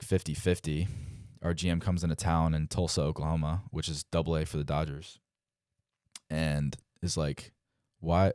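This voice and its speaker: Brief: man in his twenties, from Delaware, interview guest, rich smooth low voice, laid-back storyteller. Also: no echo, clean studio sound. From Delaware, United States. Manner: relaxed, heavy use of "like" and "um", acts out quotes. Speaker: guest, professional baseball player.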